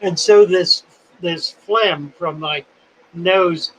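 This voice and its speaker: Rambling and folksy, this livestream host in his 70s pokes fun at himself, with a phlegmy throat and the occasional cough. He sits high in pitch, drawing out his words in a somewhat bright voice, and the recording quality is low.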